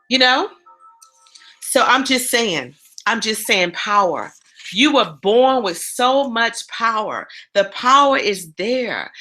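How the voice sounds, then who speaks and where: A woman gives a motivational talk in a bright, forward voice that sits a little high. She tells everyday stories with animated energy and speaks straight to her listeners. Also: low-quality recording. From East Coast of the United States. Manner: animated storytelling, addresses listeners directly.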